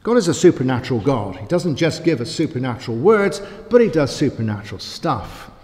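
A man's voice: mid-range voice, sing-song, brisk, a little mellow. Conversational male preacher in a reverberant church. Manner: conversational, with frequent asides and rhetorical questions. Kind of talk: sermon. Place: church sanctuary. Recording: church hall with long reverb.

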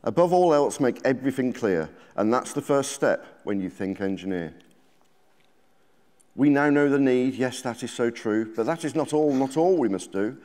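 Author reading his picture book live, mid-pitched man, sing-song rhyme, echo of a large hall. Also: expressive, moderate pace, darkish tone. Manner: sing-song rhyming cadence, theatrical quoted voices. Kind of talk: rhyming storybook reading to a live audience. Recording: reverberant conference hall.

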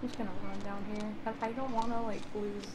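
A woman's voice: mid-range voice, level tone, quick pace, a crowd in the background. A young woman playing a horror game with a friend, jumpy and swearing, often breaking into nervous laughter. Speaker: let's play gamer. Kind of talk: casual co-op gameplay chat. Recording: game sounds loud behind voice.

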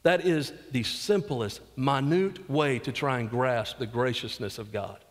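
Speaking unhurriedly in a mid-range voice, a man with a Southern US accent preaches earnestly as pastor. He acts out quotes and drops asides to the congregation, and the sanctuary gives his words a long church reverb.

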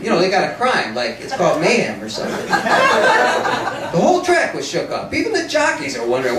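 A man reading his own first-person story aloud in a cafe, in an animated, profane storytelling manner. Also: extremely high pitch, normal speed, gravelly, over a noisy crowd. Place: cafe before an audience. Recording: roomy cafe sound from a distant mic.

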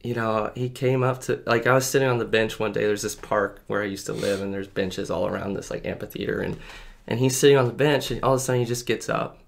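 A man's voice: lowish voice, fairly even intonation, quick pace, creaky, hardly any pauses, slight background noise. A man sharing a personal faith story in casual conversation, earnest and rambling, with lots of fillers. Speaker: podcast guest. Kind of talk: casual testimony chat.

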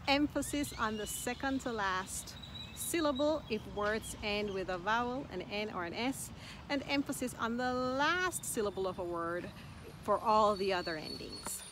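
A woman giving a slow, clear language lesson, encouraging the listener and repeating words carefully. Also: mid-range voice, lively intonation, background noise. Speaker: Spanish teacher. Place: outdoors in Mexico.

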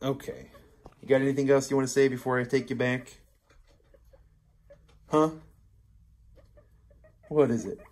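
A man's voice: medium pitch, level tone, a little slow, pauses often, a little mellow. A man who hosts a guinea pig channel, talking to his pet in a cooing, affectionate way while brushing it, with frequent chuckles.

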